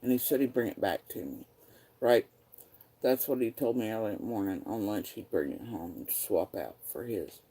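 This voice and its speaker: Man ranting bitterly in a dark voice. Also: lowish voice, lively intonation, normal speed, slightly rough, low-quality recording. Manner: bitter and profane, reading out messages. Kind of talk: angry personal rant.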